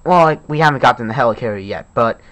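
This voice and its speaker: A man's voice: mid-range voice, animated, fast talker, a bit bright. Casual man reviewing a toy at home. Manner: enthusiastic, rambling with fillers. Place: home room with desk. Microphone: camera on a tripod.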